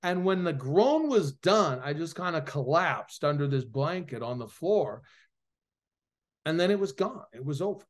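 A man with a fairly high voice shares a personal faith testimony as a guest in an interview. He tells it earnestly and with feeling, his voice growing louder at the high points of the story. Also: very animated, a little slow. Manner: earnest, emotional storytelling that swells louder at its peaks. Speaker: preacher and author, interview guest.

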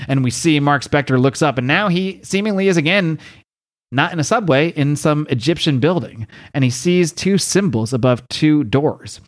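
A man's voice: on the high side, normal speed. A man hosting a podcast who recaps a comic book in a rambling, laughing, casual way. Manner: rambling, laughs while retelling. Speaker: podcast host.

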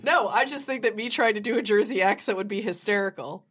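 A woman running a tabletop game as game master, playful and quick to laugh. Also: medium pitch, fairly bright tone, breathy edge.

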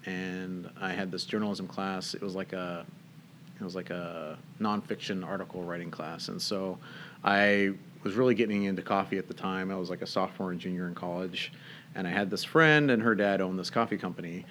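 Young man, very low voice, American accent, relaxed rambling talk, faint ambience. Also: slight background noise. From Northern Ireland. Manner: relaxed, rambling, many fillers. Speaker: guest, coffee business owner. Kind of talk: casual interview.

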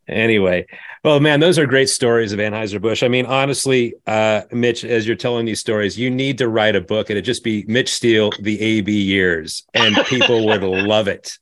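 A man's voice: fairly low pitch, fairly even intonation, normal speed, a bit bright, no room sound, studio quality. A man hosting a brewing podcast who chats casually and drops in joking remarks. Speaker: podcast host, brewer. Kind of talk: casual interview chat.

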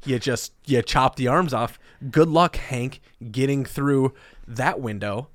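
A man's voice: mid-range voice, slow pace, no room sound, clean studio sound. A man co-hosting a casual comedy podcast, cracking jokes and puns with a playful delivery. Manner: joking, playful, animated delivery. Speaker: podcast co-host.

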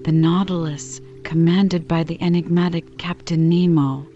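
A woman calmly reading a classic novel aloud as a bedtime story in a soothing, unhurried way. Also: on the low side, dull audio. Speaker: audiobook reader.

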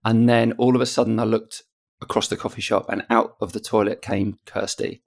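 Low gravelly man telling his story. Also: flat delivery. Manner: halting, many restarts, open and reflective. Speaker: podcast guest. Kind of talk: candid conversational storytelling.

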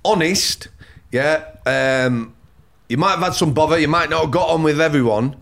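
Measured man. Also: on the high side, gravelly, a bit bright. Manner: measured, repeats himself while finding words. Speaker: former prison officer, guest. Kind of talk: conversational discussion.

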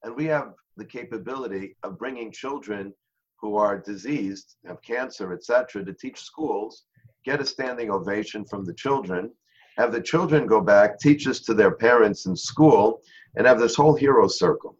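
A man guest in an interview, telling a story in an earnest way and slowing down on key phrases. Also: lowish voice, slightly rough. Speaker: interview guest, charity founder. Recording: dull lo-fi sound.

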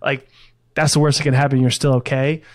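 A man's voice: medium pitch, little pitch movement, brisk, no room sound, clean studio sound. A male podcast host reflecting on a guest's story and giving sales advice in a reflective, coaching tone. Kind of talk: conversational interview.

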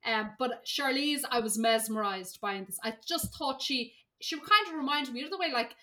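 A woman's voice: high-pitched, moderate pace, bright, forceful tone. A woman co-hosting a podcast, talking enthusiastically about a film she enjoyed. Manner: enthusiastic, gushing praise. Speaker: podcast co-host. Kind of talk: casual film review chat.

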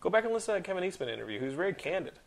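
A man in his thirties hosting a podcast, telling animated stories, ranting and swearing freely. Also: high-pitched, racing, vocal fry. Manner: animated storyteller, swears freely, rants loudly. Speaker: podcast host. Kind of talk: casual chat.

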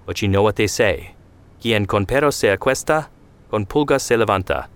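A man's voice: lowish voice, animated, normal speed, clean tone, lightly acted. A man voicing a stern, weary family father who hands out proverbs, in a read story.

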